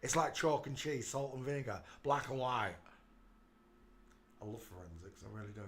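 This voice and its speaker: A channel host with a medium-pitched, expressive male voice speaks at a moderate pace. He mocks a series of photos, calls out to the viewer, and keeps breaking into laughter as he jeers.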